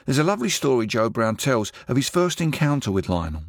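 A man presenting a documentary, delivering a measured, storytelling narration and putting questions to a guest. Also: mid-range voice, big pitch swings, dry recording, clean studio sound.

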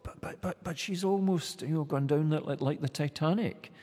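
A man's voice: fairly high pitch, normal speed, dark tone, long reverb tail. A man speaking as a literary scholar on a radio panel, thoughtful and hesitant, often restarting his sentences. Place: college hall with audience.

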